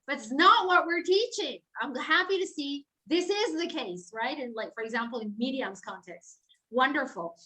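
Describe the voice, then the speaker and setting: A middle-aged woman giving a lively, chatty online lecture over a video call, full of casual asides. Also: high-pitched, moderate pace, poor audio. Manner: chatty, animated, peppered with "like" and "right?". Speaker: guest lecturer.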